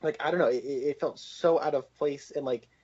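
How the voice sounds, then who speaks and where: A podcast co-host with a medium-pitched male voice and a darkish tone talks a little fast, chatting casually about movies. His opinions are blunt and dismissive, and he uses lots of filler words. The recording is lo-fi and dull-sounding.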